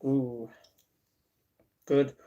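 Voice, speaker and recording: A man's voice: medium pitch, level tone, extremely slow, mellow, highs cut off. A man in his twenties casually chatting on a live stream, reading viewers' comments aloud and restarting his sentences often. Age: 20s. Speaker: livestreaming vlogger.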